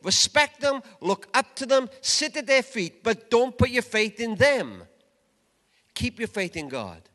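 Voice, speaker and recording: An older man preaching a sermon at a conference, emphatic, dropping from loud urging to hushed asides. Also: very high voice, sing-song, measured pace. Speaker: conference speaker. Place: large event hall. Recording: long reverb of a large hall.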